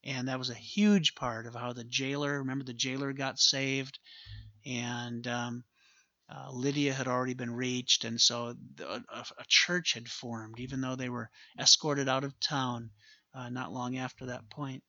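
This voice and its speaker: A man's voice: medium pitch, level tone, measured pace, sharp tone, no echo, muffled recording. A man preaching a sermon as a pastor, earnest and emphatic, repeating his key phrases for weight.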